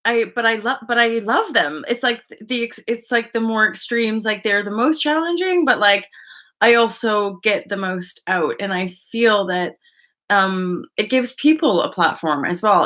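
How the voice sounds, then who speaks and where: Woman, live-stream host, bright, tense edge, rambling and chatty. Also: mid-range voice, moderate pace. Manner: rambling, chatty, greets viewers by name. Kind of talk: casual live-stream chat.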